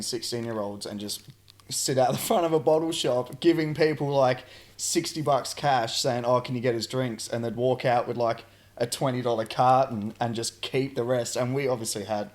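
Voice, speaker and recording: A man's voice: medium pitch, normal speed. Laid-back young Australian man yarning. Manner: relaxed, laid-back storytelling with frequent "like" and swearing. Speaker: podcast host. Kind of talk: casual chat.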